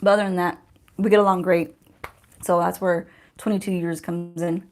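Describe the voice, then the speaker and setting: A woman's voice: fairly low pitch, level tone, normal speed, darkish tone, slight background noise. A woman in her forties with a drawl chats through a home livestream for her beauty channel. Her talk is loose and sarcastic, and she laughs easily, as if among friends. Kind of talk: casual livestream chat.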